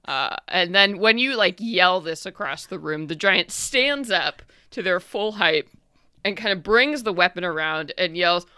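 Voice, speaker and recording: A woman running a tabletop game as game master, describing each scene in loose, rambling talk peppered with likes and uhs. Her voice is bright and clear, and her pitch swings a lot. The recording is dry and close. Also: expressive, a little slow, no room sound.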